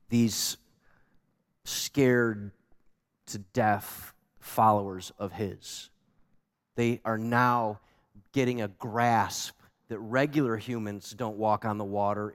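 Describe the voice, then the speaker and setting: A man preaching a sermon as a pastor, animated and emphatic, asking the congregation pointed questions. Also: on the low side. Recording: long hall reverb.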